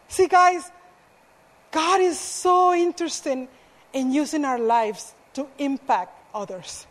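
Slow-spoken woman preaching in an echoey hall. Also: high voice. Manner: earnest storytelling with self-deprecating asides. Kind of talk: sermon with personal story.

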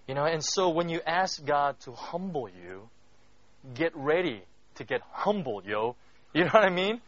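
Man preaching, chatty and slightly high-voiced. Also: expressive, brisk. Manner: conversational, keeps asking "right?"; swings between loud emphatic bursts and hushed moments. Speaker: pastor. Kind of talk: sermon. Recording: dull lo-fi recording.

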